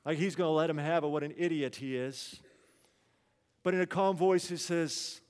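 A man's voice: fairly high pitch, steady tone, normal speed, clear, resonant tone, long reverb tail. A man preaching a sermon, telling a story in an earnest, conversational way.

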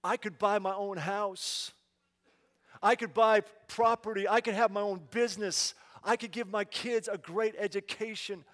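A man preaching, telling a parable in the first person and acting out the dialogue with animation. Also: high voice. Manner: animated, acts out the story with quoted dialogue. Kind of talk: dramatic first-person sermon storytelling. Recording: long hall reverb.

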